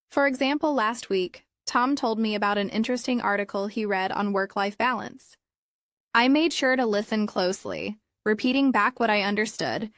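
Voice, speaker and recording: A woman gives a scripted English lesson, explaining each point calmly and steadily. Her voice sits at an ordinary middle pitch. The recording is dry and close, with no room sound. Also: no room sound. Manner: calm, measured, explanatory. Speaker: English teacher.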